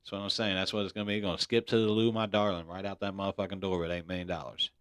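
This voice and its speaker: Racing along in a low, slightly bright voice with little pitch movement, a man hosts a casual podcast. He's blunt, curses freely and keeps saying "man," all in clean studio quality with no room sound.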